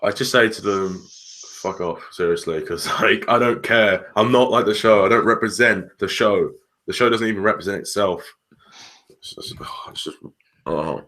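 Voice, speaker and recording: A young man chats in a loose, giggly way, leaning on "like" as he goes. His voice is fairly low but bright and forward. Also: moderate pace. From Essex, England. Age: young adult. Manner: laid-back, giggly, filler-heavy. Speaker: podcast co-host. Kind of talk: casual chat.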